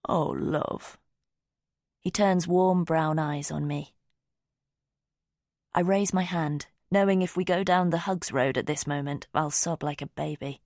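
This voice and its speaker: A woman narrating a novel in the first person, measured and intimate. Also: low voice, a little mellow, no echo, clean studio sound. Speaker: audiobook narrator.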